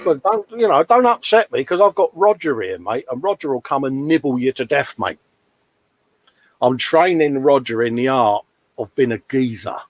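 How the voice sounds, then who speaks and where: A man hosting a casual live show, reading out viewer comments with jokey banter and calling everyone mate. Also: medium pitch.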